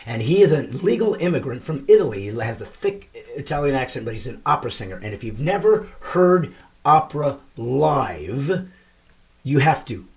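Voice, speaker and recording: A middle-aged man hosting his comedy podcast, telling stories with emphatic, shouted punchlines. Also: medium pitch, big pitch swings, normal speed. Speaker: comedian host. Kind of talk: comedic podcast monologue and banter.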